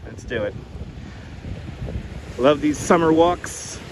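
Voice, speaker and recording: Slightly high New guy, a bit winded, live-streaming a beach walk on a wireless mic with wind noise. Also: expressive, slow. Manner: chatty, greets viewers by name. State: a little out of breath from walking fast. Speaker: livestream host. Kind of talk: live walking stream, greeting chat. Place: outdoors on a windy beach. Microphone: wireless clip-on mic.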